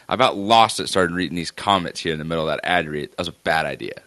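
Deep, bright-toned male podcast co-host. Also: racing, few pauses, no room sound. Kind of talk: casual sports chat.

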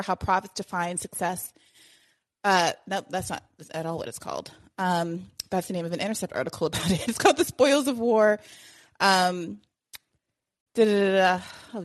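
A woman hosting a podcast in a casual, loose way, out of breath and correcting herself with a laugh. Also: medium pitch. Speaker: podcast host.

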